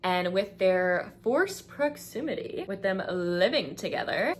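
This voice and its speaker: A woman's voice: mid-range voice, animated, a little slow, hardly any pauses, slight background noise. A young woman, casually recommending books as a vlogger, chatty and full of fillers, acting out characters' lines. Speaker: book vlogger.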